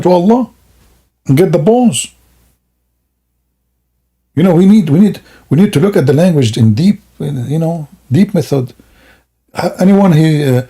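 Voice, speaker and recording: Gravelly, husky man mocking on a livestream. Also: fairly high pitch, warm tone. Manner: mocking, laughing, theatrical asides. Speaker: streamer. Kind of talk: sarcastic livestream monologue.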